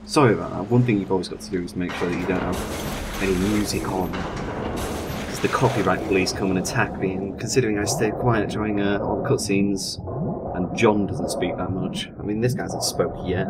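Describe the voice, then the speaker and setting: A young man giving chatty, excitable let's-play commentary. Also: low-pitched, a little fast. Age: young adult. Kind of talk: gameplay commentary. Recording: steady background noise.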